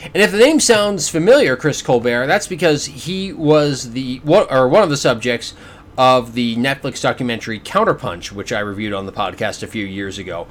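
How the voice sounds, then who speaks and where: A man's voice: mid-range voice, animated, normal speed. Exasperated man ranting about boxing. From Canada. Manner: exasperated, sarcastic, stammers and repeats words. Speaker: podcast host. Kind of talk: casual boxing review.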